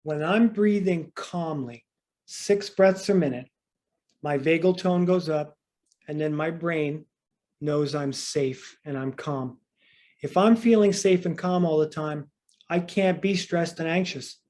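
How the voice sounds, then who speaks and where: Male breathing coach, a bit high-pitched, calm guided counting and plain how-to explanation. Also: slow pace.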